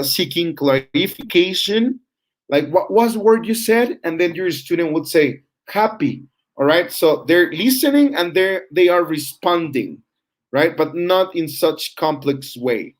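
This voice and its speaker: Slow, halting man teaching a class. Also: fairly high pitch. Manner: slow, halting, many fillers and restarts, checks understanding with "right?". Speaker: teacher trainer. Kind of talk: online class lecture.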